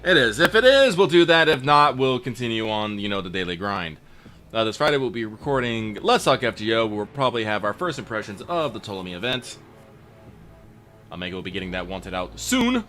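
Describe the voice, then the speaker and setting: A male streamer chatting casually over a game, his voice bright and lively with wide swings in pitch. He jokes loosely and swears freely. Faint game music plays underneath. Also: fairly quick. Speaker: streamer and show host. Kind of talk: casual let's-play stream chat.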